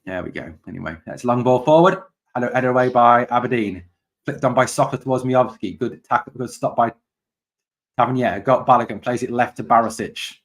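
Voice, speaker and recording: A man hosts a live watch-along of a football match, calling each pass and tackle as it happens. He chats casually with viewers about their comments between plays. When his side lets him down, he shouts at them in exasperation. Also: medium pitch, fairly quick. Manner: chatty, reads out and answers viewer comments. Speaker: fan channel host.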